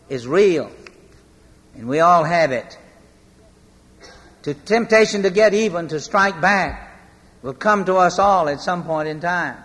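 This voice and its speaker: Bright-voiced male preacher in a hall. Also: a little high. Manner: storytelling, slowing for emphasis. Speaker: pastor. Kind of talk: sermon. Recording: long hall reverb.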